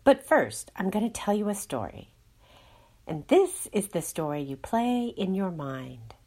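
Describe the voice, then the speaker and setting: A woman guides listeners through a meditation and an astrology talk at an unhurried pace. Her soothing voice rises and falls widely as she gives each instruction. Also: medium pitch, big pitch swings, warm tone, slightly rough. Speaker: inner healing guide.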